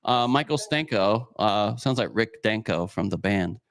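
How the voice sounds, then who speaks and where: Low-voiced man hesitantly reading chats. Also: expressive, a little slow, no room sound, clean studio sound. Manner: rambling, hesitant with many uh fillers. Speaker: podcast co-host reading super chats. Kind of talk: casual podcast banter.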